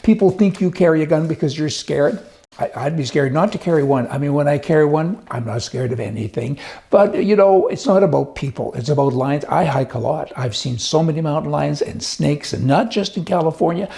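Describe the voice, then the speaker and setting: A man's voice: a little high, a little fast, vocal fry, warm tone. A man giving opinionated news commentary in a folksy, emphatic, chatty way. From United States.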